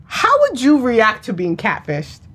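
With a voice on the high side and an unhurried pace, a woman discusses a TV drama in relaxed conversation. She's lively, laughs frequently, and acts out quotes.

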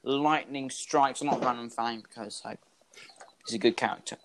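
A man narrating a tabletop game as game master for a podcast, in a loose, rambling way full of fillers and sudden loud bursts. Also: mid-range voice, fairly even intonation, normal speed.

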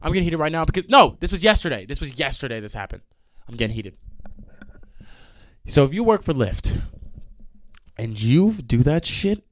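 A man's voice: on the high side, sing-song, normal speed, pauses often. A young man hosting a podcast, ranting in a heated, profane, emphatic way. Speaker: podcast host. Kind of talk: ranting monologue.

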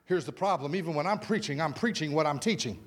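A man preaching a sermon as pastor in a church, animated, with repeated words, exclamations and casual asides to the congregation. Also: on the high side, quick pace. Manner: informal, conversational asides to the congregation. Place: church sanctuary.

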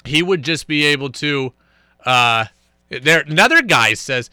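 Bright, energetic young male radio host. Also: on the high side, a little slow, smooth, no echo, studio quality. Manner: energetic, emphatic, chatty. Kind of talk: casual radio talk. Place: radio studio. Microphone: studio microphone.

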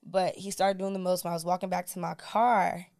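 A woman's voice: lowish voice, fairly quick, dry recording. A woman guest on a podcast, telling a personal story in casual, colloquial speech and acting out what people said. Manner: animated, colloquial storyteller who acts out dialogue.

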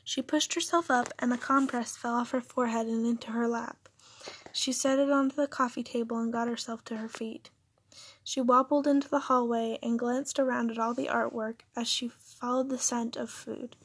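Husky, gravelly woman reading a story. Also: on the high side, fairly even intonation, moderate pace. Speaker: story narrator. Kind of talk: reading a fan story aloud.

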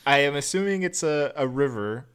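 Smooth-voiced young man reviewing a movie. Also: a little high, lively intonation, normal speed, a bit bright. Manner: rambling, acts out quotes in funny voices. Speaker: podcast co-host. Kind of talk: casual movie review chat.

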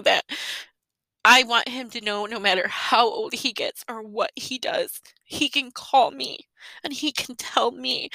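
A woman in her thirties, a mother telling a personal story in an emotional, heartfelt monologue with soft laughs. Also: fairly high pitch, no echo, poor audio.

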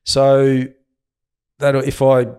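A man's voice: medium pitch, drawn-out words, smooth. A man in his early fifties with an Australian accent, a former cricketer turned commentator, chatting casually as a guest and laughing at his own stories. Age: 50s. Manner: relaxed storyteller, laughs at himself. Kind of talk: casual interview chat.

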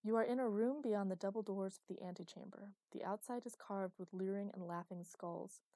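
A woman's voice: medium pitch, steady tone, brisk, mellow, no echo, close to an everyday voice. A woman voicing a cheerful young female writer who runs a fantasy game with sadistic glee. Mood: narrating. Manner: cheerful and teasing.

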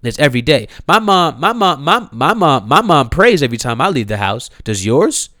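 Man, 30s, impassioned rant, swings wildly up and down in pitch, dry close sound. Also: sing-song, moderate pace, a bit bright, dry recording. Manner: heated, incredulous, swears freely, repeats himself.

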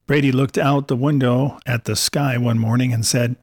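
A man's voice: medium pitch, steady tone, normal speed, few pauses, dry recording, clean studio sound. A man hosting a program, casually reading out anecdotes in an amused, chuckling manner.

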